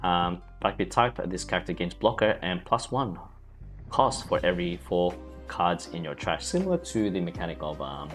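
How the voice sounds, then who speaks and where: A man co-hosting a card game livestream in a low, very animated voice. He chats with viewers and laughs easily. Soft music plays faintly behind him. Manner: lively, chatty, laughs often. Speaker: co-host and commentator. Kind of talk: casual livestream commentary.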